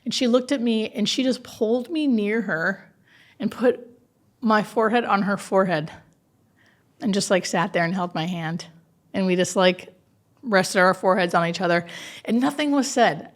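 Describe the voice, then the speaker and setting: During a conversational interview, a woman who works as a hospice nurse tells stories with animated earnestness and many fillers. Her voice is medium in pitch, moving at normal speed.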